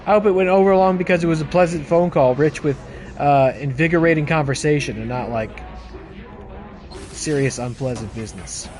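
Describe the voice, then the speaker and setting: A man's voice: a little high, fairly quick, over music. A man streaming a video game, chatting casually with viewers, joking and reading in-game text aloud with his own asides. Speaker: gaming streamer. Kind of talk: casual let's-play commentary.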